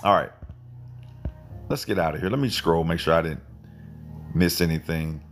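A man's voice: sits low, moderate pace, faint music behind. A man giving an informal livestream Bible teaching, digressing and correcting himself as he fires off rhetorical questions.

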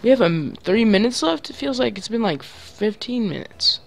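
A man giving excitable gaming commentary, trash-talking his teammates with sudden loud yelps. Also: a little high, moderate pace, creaky, hardly any pauses, slight background noise. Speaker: gaming channel host.

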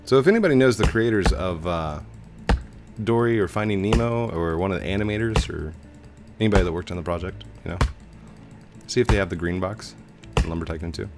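Deep gravelly man playing a game. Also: a little fast, music in the background. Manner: playful, silly sound effects and sudden high yelps. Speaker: gaming YouTuber. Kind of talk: casual let's-play commentary.

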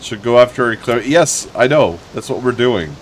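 A man's voice: medium pitch, expressive, moderate pace, slight background noise. A young man giving casual, sarcastic gameplay commentary as a let's play host, swearing freely and joking at the game.

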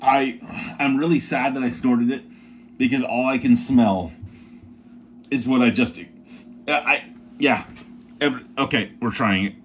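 A man of middle pitch chats through a beer review in a loose, unscripted way. He swears freely, doubles back on his words and keeps a blunt, offhand manner throughout. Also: fairly even intonation, measured pace, pauses often, slight background noise. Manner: blunt, swearing, rambling with restarts. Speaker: beer reviewer, show host. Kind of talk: casual, profane beer review chat.

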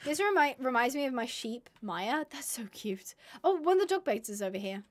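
Young female streamer, high-pitched, excitable, casual live chatter with squealing bursts. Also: moderate pace. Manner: excitable, squealing bursts, reads chat aloud.

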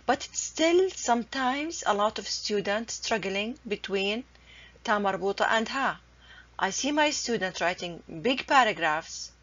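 Woman, patient lesson delivery, breathy tone, dull recording. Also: mid-range voice, animated, a bit bright. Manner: patient, repeats examples slowly and carefully. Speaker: Arabic teacher. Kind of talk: explanatory language lesson.

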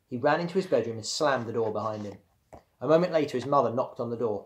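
A man's voice: medium pitch, brisk. Man reading a children's story aloud. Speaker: primary school teacher.

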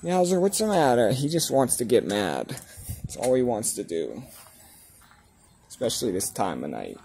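Outdoors at home, a man films his outdoor cats, talking to them in a laid-back, teasing, chatty way and explaining their habits as casual vlog narration. His medium-pitched voice is very animated, at normal speed, with vocal fry, a darkish tone, and slight background noise.

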